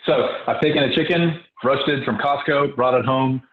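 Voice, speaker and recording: A man's voice: mid-range voice, moderate pace. Man, online host, loose casual delivery; tinny video-call audio. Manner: loose, rambling, upbeat.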